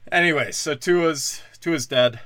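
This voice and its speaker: A drunk man hosting a solo comedy podcast, rambling crudely and swinging between loud outbursts and low mutters. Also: unhurried, dry recording. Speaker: podcast host.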